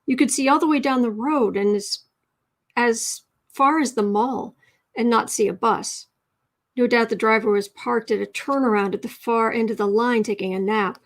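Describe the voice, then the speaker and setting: A woman hosting a casual writing livestream, chatty and thinking out loud as she teaches and reads chat messages. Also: fairly high pitch, steady tone, moderate pace.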